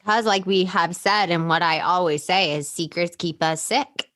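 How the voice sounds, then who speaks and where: A woman hosting a podcast interview, responding with emotion and quick words of agreement to her guest. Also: on the low side, steady tone, fairly bright tone. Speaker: podcast host. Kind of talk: supportive interview chat.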